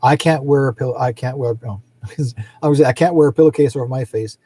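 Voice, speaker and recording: A middle-aged man rambles on casually as the host of a psychic livestream, his voice husky and dark. He drifts from story to story and laughs often. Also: mid-range voice, fairly quick. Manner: rambling, chatty, laughs often, acts out quoted people.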